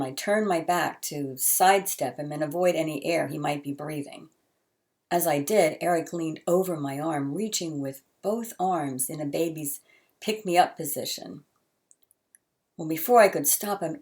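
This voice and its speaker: A woman hosting a short show, reading a heartfelt story aloud in a soft, earnest way with drawn-out pauses. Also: sits low.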